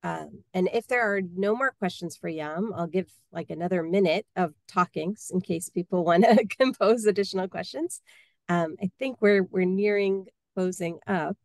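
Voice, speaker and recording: A woman with a fairly low voice hosts an online meeting, warm in intent but halting, full of ums and restarts. The sound is dry and close, as over a video call. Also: dry recording. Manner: friendly, halting, many fillers and restarts. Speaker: meeting host, association officer. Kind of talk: casual online meeting talk.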